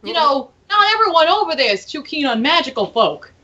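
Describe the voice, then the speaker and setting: A big, broad-shouldered barkeep tied to his inn, talking easy and folksy, as a woman puts him on. The voice sits high and bright. The recording is dull and lo-fi. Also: big pitch swings, a little fast, exaggerated voice. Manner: casual, folksy. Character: gruff burly male barkeep.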